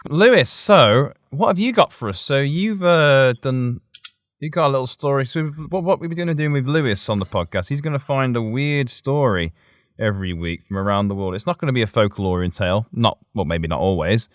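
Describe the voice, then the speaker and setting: A man's voice: medium pitch, lively intonation, a little fast, no room sound. A man hosting a podcast in casual chat. He is playful and giggly and teases the others. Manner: playful and giggly, teasing, jumps between voices. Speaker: podcast host.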